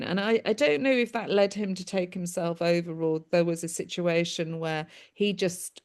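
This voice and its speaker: A woman medium giving a live reading, talking in halting, repetitive bursts, relaying what she senses with frequent restarts and bits of laughter. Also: on the low side. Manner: earnest and animated, breaking into laughs. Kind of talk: live mediumship reading over a video call.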